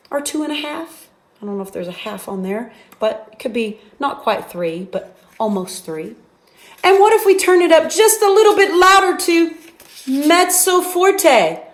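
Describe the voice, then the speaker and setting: A woman with a high, lively voice leads a children's music lesson, speaking slowly and sounding out each term. She breaks into sung examples at different volumes. The room around her is echoey. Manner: slow, clearly enunciated teaching voice. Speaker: music teacher.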